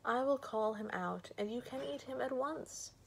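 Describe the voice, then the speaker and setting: A woman voicing a scheming village mother in a fairy tale, speaking softly and coaxingly. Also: fairly high pitch, normal speed, creaky, a little hiss or hum, voice pushed up, poor audio.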